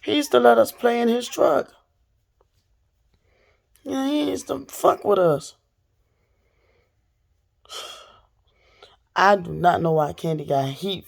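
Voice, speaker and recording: Gravelly woman vlogger, animated storytime rant straight to camera. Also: fairly low pitch. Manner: animated, talks straight to viewers.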